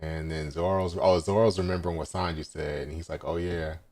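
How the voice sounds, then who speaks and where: A man's voice: low voice, steady tone, a little fast, darkish tone. A man hosting a casual live manga reaction, recapping scenes and quoting characters with laughs.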